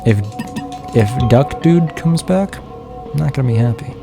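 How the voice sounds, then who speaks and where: Talking to his chat while streaming a horror game, a worn-out man keeps quiet for the late hour and rambles with self-mocking humor. His gravelly mid-range voice is unhurried but has lively intonation, and music runs in the background.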